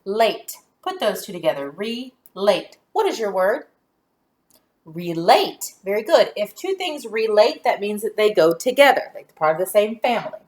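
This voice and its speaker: A woman teacher giving a phonics lesson to young children, sounding out letters and syllables deliberately and praising answers. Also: mid-range voice, sing-song, a little mellow.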